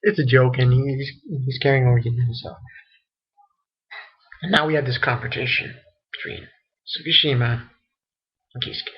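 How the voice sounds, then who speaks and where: A young man talks through a manga chapter in a loose, rambling way, swearing freely and laughing as he goes. His voice is husky and sits at a middling pitch. The recording is dull and lo-fi, like a cheap home setup. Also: little pitch movement, normal speed, long pauses. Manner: rambling, profane, reads quotes aloud with laughs. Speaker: manga reviewer. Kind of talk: casual spoken manga review.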